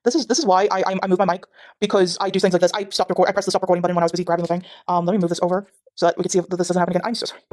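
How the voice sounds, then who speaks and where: Speaking in a lowish, level, darkish voice, a young South African gaming vlogger from Durban races through casual chat over her game. She is at home with her dog by her side, and her talk rambles with frequent restarts and fillers.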